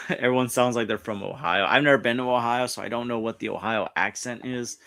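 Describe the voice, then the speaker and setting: Streamer host, New man, mid-pitched, chatty and rambling, restarts often. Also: fairly quick, creaky, pushed and bright. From New York. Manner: rambling, frequent restarts and self-corrections. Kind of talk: casual pop culture commentary, reading articles aloud. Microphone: streaming setup mic.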